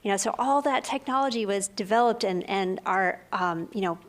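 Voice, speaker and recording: A woman scientist speaking on a panel briefing, earnest and halting, with many fillers and restarts. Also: mid-range voice.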